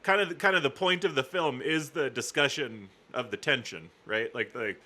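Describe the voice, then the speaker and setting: A man co-hosting a movie watch-along, agreeable and chuckling in quick back-and-forth. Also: medium pitch, sharp tone. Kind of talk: casual chat.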